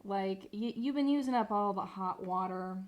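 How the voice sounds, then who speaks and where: A woman's voice: medium pitch, moderate pace, natural voice. A woman voicing YouTube as a blunt, patronizing landlord type, with a mock-sweet, condescending tone.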